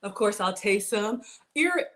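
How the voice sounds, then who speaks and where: A woman's voice: medium pitch, expressive, a little slow, background noise. A woman hosting a casual cooking livestream from her home kitchen, chatting and answering viewer comments as she works. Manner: chatty, reads viewer comments aloud, folksy.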